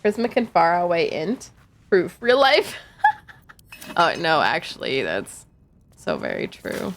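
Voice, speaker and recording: A woman's voice: on the low side, wildly swooping pitch, unhurried. A woman streaming a game, chatting casually and reading in-game notes aloud. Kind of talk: casual gameplay commentary.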